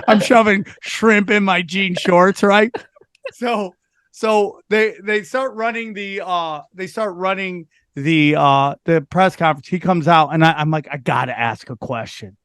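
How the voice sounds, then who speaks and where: A man who is a stand-up comic and podcast host, telling a profane story in an animated way and acting out quotes. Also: high voice, clear, resonant tone, no room sound, studio quality.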